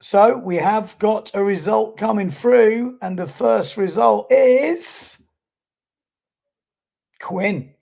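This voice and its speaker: A man's voice: high voice, gravelly, a little mellow. A man giving chatty live commentary on a sports stream and reading out viewer comments.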